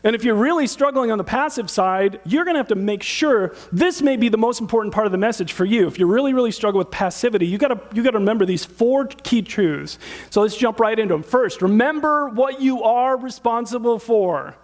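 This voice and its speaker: A middle-aged man preaching a sermon in a church, conversational and animated, asking the audience rhetorical questions. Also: high voice, a little fast. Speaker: pastor.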